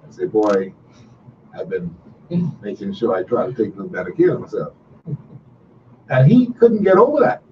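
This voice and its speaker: A man's voice: lowish voice, sing-song, moderate pace, long pauses, warm tone, distant mic, dull audio, slight background noise. A middle-aged man, hosting a casual call-in radio talk show with a folksy, repetitive, storytelling manner.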